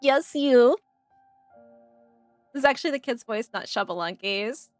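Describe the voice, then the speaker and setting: A chatty woman streamer talks excitedly over her gameplay. Her voice sits a bit high, with faint game music underneath. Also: a little slow, dry recording. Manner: chatty, excitable, laughs often. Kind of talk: casual gameplay commentary.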